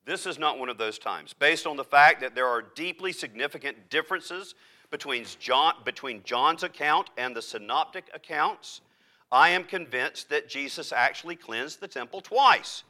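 Bright-voiced emphatic male preacher. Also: on the high side. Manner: emphatic preaching with dramatic pauses and restarts. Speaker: pastor. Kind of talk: sermon. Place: church.

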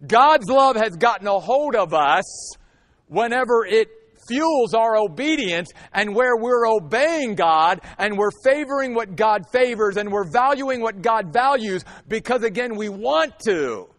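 A man with a notably high voice preaches earnestly from the pulpit. He builds his points steadily and pushes to emphatic peaks. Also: expressive, a little slow, fairly bright tone. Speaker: pastor. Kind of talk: sermon.

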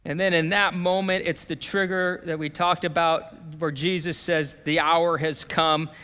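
A man preaching a sermon as pastor, talking in a conversational way that swings from lively to hushed. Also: fairly high pitch, unhurried, clean tone. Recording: long reverb of a church hall.

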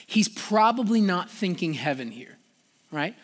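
A man's voice: animated, normal speed. A man preaching a sermon in a casual, conversational way, full of "like", growing passionate and pleading at moments. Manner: passionate, rising in pitch and volume when pleading. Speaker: pastor. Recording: long reverb of a large hall.

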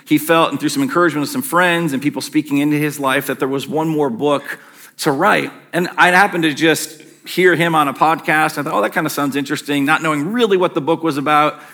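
A man's voice: fairly high pitch, bright, forceful tone. A middle-aged man preaching a casual, self-deprecating sermon to his church, with plenty of fillers and asides. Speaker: pastor. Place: church sanctuary.

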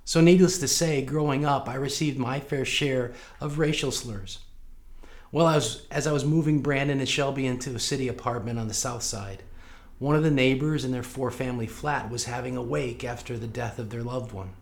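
A man's voice: medium pitch, steady tone, moderate pace, gravelly. A man from St. Louis preaching a sermon, telling a personal story and speaking earnestly and directly to the congregation. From United States, St. Louis. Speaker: pastor.

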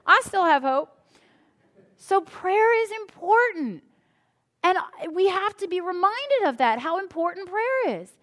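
High-voiced animated woman preaching. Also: measured pace. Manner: animated, conversational preaching with acted-out prayers. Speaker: pastor. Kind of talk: sermon. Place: church before a congregation.

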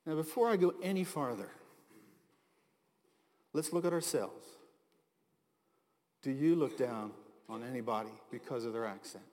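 A man's voice: mid-range voice, normal speed, long pauses, darkish tone. A middle-aged American man preaching a sermon as pastor, in a chatty storytelling way with asides and chuckles. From United States. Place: large hall. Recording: long hall reverb.

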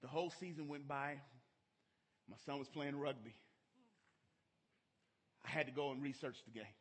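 A man's voice: mid-range voice, normal speed, husky. A middle-aged man preaching a sermon in church, telling a story emphatically. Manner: emphatic storytelling, rising to shouts.

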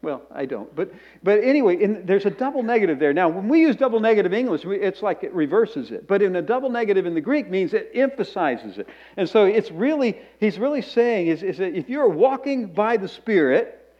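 A man's voice: high-pitched, very animated, fairly quick, darkish tone, muffled recording. A pastor preaching a sermon in a conversational way, often restarting phrases and tossing in asides to his congregation.

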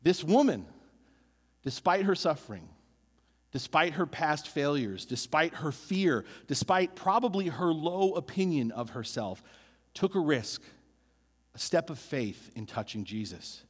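A man preaching with a lively, rising and falling voice pitched a little high. He builds emphasis by repeating phrases. His sermon rings out with the long reverb of a large church sanctuary. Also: a little slow, husky. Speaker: pastor.

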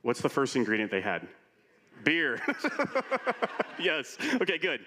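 Middle-aged guy pastor giving a sermon, funny animated stories, big church echo. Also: mid-range voice, a little slow, slight background noise. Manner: animated storytelling with humor. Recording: long reverb of a large hall.

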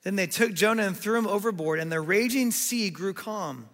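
Preaching in a large hall, a male pastor tells a story with animated delivery and plays out what people said. His voice sits high, and he speaks at normal speed.

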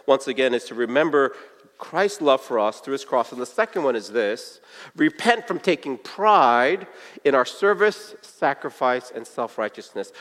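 A man preaching a sermon, telling a story earnestly and slowing down, sometimes hushed, for emphasis. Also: medium pitch. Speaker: pastor. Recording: long reverb of a large hall.

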